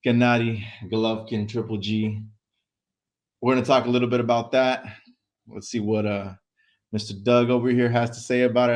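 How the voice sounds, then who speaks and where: A man co-hosting a casual sports chat show, relaxed and easygoing, often trailing off into filler words. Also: medium pitch. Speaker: co-host.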